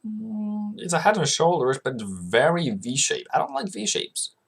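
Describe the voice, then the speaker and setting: A forex trading channel host with a fairly high, creaky voice speaks a little slowly but very animatedly. He gives casual chart commentary in a chatty way, asking himself questions and answering them, and coaxes viewers as "mate."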